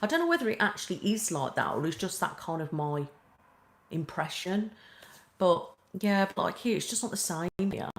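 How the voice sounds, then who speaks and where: A woman's voice: on the low side, very animated, moderate pace. A woman with a British accent, an ASMR streamer chatting casually and ramblingly with live viewers, full of "like" and "um". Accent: British English. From Britain. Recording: roomy echo.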